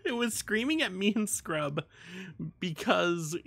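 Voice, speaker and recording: A man's voice: high-pitched, sing-song, slow pace, creaky, a bit bright, no echo. A man streaming a game and chatting casually with his viewers, laughing often and swearing now and then. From United States.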